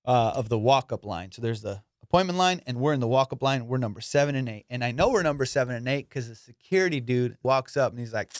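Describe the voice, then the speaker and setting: A young man, a comedian hosting his podcast, telling a profane, animated story. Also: mid-range voice, quick pace, hardly any pauses, no room sound, clean studio sound. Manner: profane, animated, acts out voices. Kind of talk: casual storytelling.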